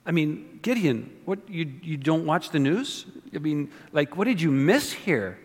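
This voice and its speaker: A man's voice: a little high, sing-song, unhurried. A pastor giving a conversational sermon, often repeating words and asking his listeners rhetorical questions. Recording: long reverb of a hall.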